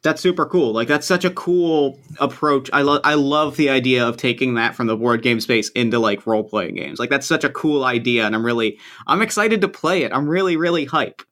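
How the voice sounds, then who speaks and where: A man's voice: mid-range voice, fairly quick, few pauses, fairly bright tone. A man hosting a podcast, chatting eagerly and enthusiastically with his guest. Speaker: podcast host. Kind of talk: casual interview chat.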